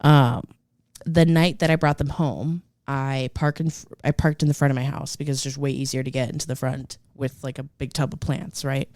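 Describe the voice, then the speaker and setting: A woman's voice: extremely low pitch, moderate pace, no room sound. Woman rambling thru a story on a podcast, lots of likes and ums, dry close mic. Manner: rambling, animated, full of "like" and "um". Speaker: podcast co-host. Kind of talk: casual storytelling chat.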